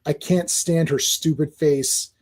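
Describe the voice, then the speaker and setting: A man co-hosting a casual podcast chat, blunt and opinionated, getting excitable. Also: on the high side, takes it slowly. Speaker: podcast co-host.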